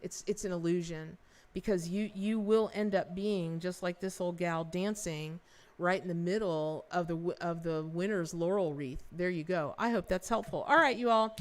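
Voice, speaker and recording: A woman hosting a live-stream tarot reading, talking in an effusive, rambling way with many restarts and speaking warmly to her viewers. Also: lowish voice, steady tone, moderate pace. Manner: folksy and affectionate with viewers. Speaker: tarot reader and livestream host.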